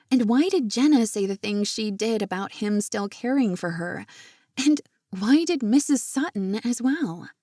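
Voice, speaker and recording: A woman reads an audiobook with a steady, gentle storytelling delivery. Her voice is mellow and warm, recorded close and dry with no room sound. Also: mid-range voice, no room sound. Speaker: audiobook narrator. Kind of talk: scripted audiobook narration.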